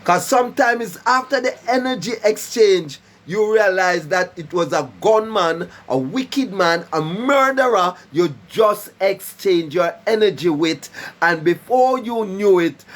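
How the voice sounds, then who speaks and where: A man with a high, lively voice speaks a little slowly as he preaches to a live stream, casting himself as a prophet. His monologue is full of emphatic warnings, rhyming and repeated phrases, and he keeps checking in with "right?"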